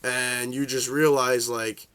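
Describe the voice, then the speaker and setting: Young dude ranting about trading cards, swears a ton, lots of likes and uhs, mid pitch. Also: male voice, little pitch movement, takes it slowly, a bit bright, smooth. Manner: profane, rambling, full of fillers; shifts into high voices for quoted reactions. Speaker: card game vlogger. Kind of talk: casual rant.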